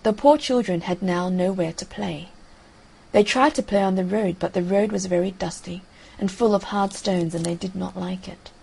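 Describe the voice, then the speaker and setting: A woman narrating a fairy tale audiobook in a calm, measured storytelling manner. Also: medium pitch, vocal fry, breathy edge, rough recording.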